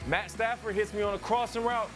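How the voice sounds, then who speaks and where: A man in his thirties, a former pro football player co-hosting a sports show, telling a story in a lively way and acting out other people's lines. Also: fairly quick, over music. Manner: lively storyteller, acts out quotes in a higher heckler voice. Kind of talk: animated storytelling chat.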